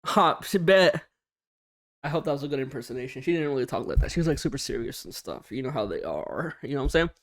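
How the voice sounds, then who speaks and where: A young man hosting a casual storytime vlog, slangy and animated, swearing often and acting out what people said. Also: mid-range voice, quick pace. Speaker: storytime YouTuber.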